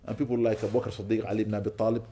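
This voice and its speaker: In a storytelling sermon, this sheikh quotes Arabic before translating it during an Islamic lecture. His voice is low-ish and warm, with little pitch movement, and he races along.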